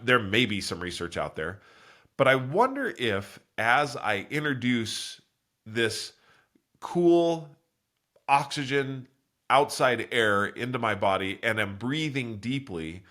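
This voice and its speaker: A man hosting a solo podcast, talking earnestly and in a rambling way while congested from a cold, correcting himself and acting out quoted voices. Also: pushed and bright. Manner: acts out quoted voices with big pitch jumps. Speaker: podcast host. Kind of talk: solo motivational talk.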